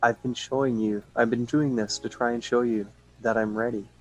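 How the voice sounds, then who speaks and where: A man's voice: medium pitch, steady tone, moderate pace, low-quality recording. A man playing a tabletop game, speaking for his character in an earnest, hesitant way. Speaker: player.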